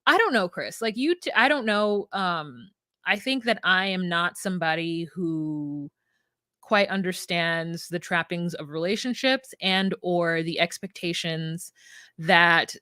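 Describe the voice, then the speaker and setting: A woman's voice: mid-range voice, fairly bright tone, dry recording. Woman, podcast co-host, casual recap chat, mock-voiced quotes, dry close mic.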